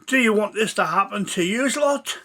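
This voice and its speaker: Man doing a gruff sergeant, storytelling voice, high and barking, bossy. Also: expressive, moderate pace, sharp tone, heavily acted. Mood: shouting orders. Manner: barking, scolding.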